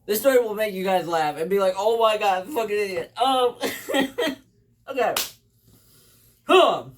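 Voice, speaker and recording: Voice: mid-range voice, lively intonation, unhurried, slight background noise. A speaker telling rambling stories in a casual, profane way, repeating phrases and calling the listener "bro.". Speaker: storyteller. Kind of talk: casual storytelling. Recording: voice a bit distant from mic.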